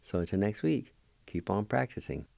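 A man with a low, mellow voice gives a language lesson, taking his time over every syllable. He spells and sounds out each word with patient, encouraging care. The sound is close and dry. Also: big pitch swings, creaky, no room sound. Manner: slow, deliberate syllable-by-syllable spelling and pronouncing. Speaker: language teacher.

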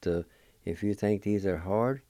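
A man teaching a language lesson on the air, spelling and pronouncing words slowly and deliberately, syllable by syllable, in an encouraging way. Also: on the low side, dark tone, dry recording.

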